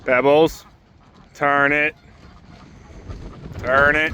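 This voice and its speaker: A man with a somewhat high voice talks casually outdoors on a farm. He coaxes and calls to his ducks and dog as he rounds them up, like a homestead vlogger. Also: moderate pace, pushed and bright, a little hiss or hum. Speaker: homesteader and channel host. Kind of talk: casual vlog narration.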